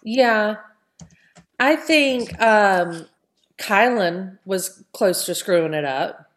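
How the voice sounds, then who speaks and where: A woman's voice: medium pitch, animated, very slow. A woman hosting a casual podcast chat, talking loosely and often tagging her points with "right?". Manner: chatty, keeps adding "right?". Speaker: podcast host.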